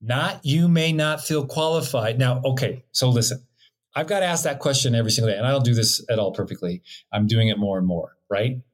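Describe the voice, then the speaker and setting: Fairly quick and mid-range in pitch, a middle-aged co-host teaches about marriage in a casual chat. His tone is earnest and a bit preachy, balanced by frequent jokes and laughter.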